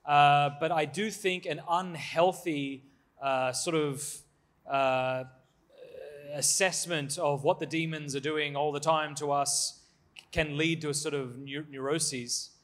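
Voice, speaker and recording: Speaking slowly in a somewhat bright, high-leaning voice with a steady tone, a man delivers a live conference talk in a hall before an audience. He answers questions candidly, joking and poking fun at himself.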